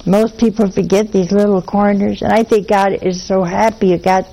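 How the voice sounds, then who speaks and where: A woman's voice: mid-range voice, fairly even intonation, normal speed, dark tone, rough recording. A woman giving a Catholic spiritual talk, telling folksy anecdotes with humor in a conversational way.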